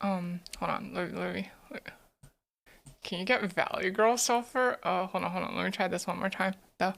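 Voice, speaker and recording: A woman's voice: lowish voice, normal speed, gravelly, a bit bright. A woman streamer chatting casually with her viewers, giggling often and repeating words as she thinks. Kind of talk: casual live-stream chat.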